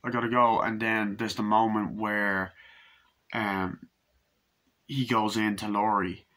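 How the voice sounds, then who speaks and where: A man doing a casual movie review, loosely retelling scenes with swearing, many ums and quick quoted lines from the characters. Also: fairly low pitch, flat delivery, a bit bright.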